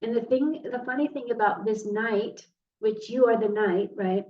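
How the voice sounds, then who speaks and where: Speaking at a normal speed in a fairly high voice, this tarot reader addresses the viewer head-on, sincere and quick to show emotion. The mic sits far from her in a spacious room, so the sound is dull and carries a faint hiss.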